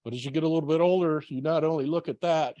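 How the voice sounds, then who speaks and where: A man's voice: a little high, fast, mellow, dry recording, lo-fi sound. A man in his forties, a baseball manager, giving an earnest, plain-spoken talk to a club audience, with many ums. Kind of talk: personal speech to a club audience.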